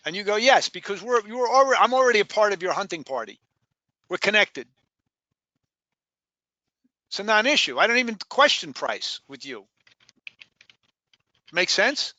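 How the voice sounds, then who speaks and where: A man with a high, bright voice coaching a group of new sales hires. He talks emphatically and repeats his key points for weight, stopping often to ask questions. The sound is dry and close, with little room. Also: sing-song, normal speed, long pauses, dry recording. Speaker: sales trainer. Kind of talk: live sales training session.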